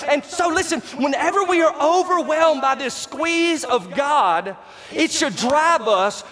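A man preaching a sermon as pastor, emphatic and rising to shouts on key words, and calling out to the congregation for responses. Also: very high-pitched. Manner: talks to the congregation directly, asks for responses. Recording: long reverb of a large hall.

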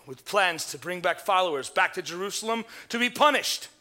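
A man's voice: sits high, lively intonation, fairly quick, bright, forceful tone. An actor playing Saul, a zealous man recounting his past in a fervent, theatrical monologue. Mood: solemn. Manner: fervent, theatrical storytelling with sudden swells. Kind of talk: dramatic monologue.

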